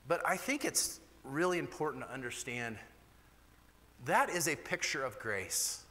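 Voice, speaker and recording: Male pastor, sermon delivery, bright forceful tone, candid and animated, long reverb of a church hall. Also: unhurried. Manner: candid, animated preaching with sudden rises in pitch.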